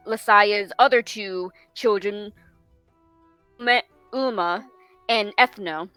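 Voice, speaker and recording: A woman narrating as game master in a tabletop game, halting and often correcting herself as she goes. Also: mid-range voice, pushed and bright, clear, resonant tone, no room sound. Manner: halting, full of ums and self-corrections.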